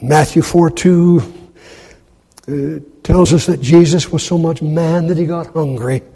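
A man preaching a sermon in a dramatic way, acting out quoted speech in loud, high bursts. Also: steady tone, unhurried, vocal fry, husky. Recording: long hall reverb.

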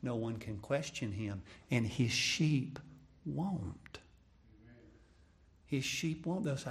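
A male preacher with a gravelly, fry-edged voice at a middling pitch. He preaches dramatically, repeating his lines, dropping to a near whisper and then rising to a shout. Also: animated, takes it slowly. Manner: dramatic, swings from hushed to shouting, repeats phrases. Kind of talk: sermon.

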